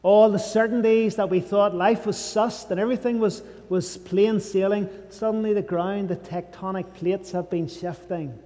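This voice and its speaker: A male preacher delivers an emphatic sermon in a fairly high, mellow voice. He sinks to a hushed low tone on his key phrases. The sound carries the long reverb of a large church hall. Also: fairly even intonation, normal speed, hardly any pauses.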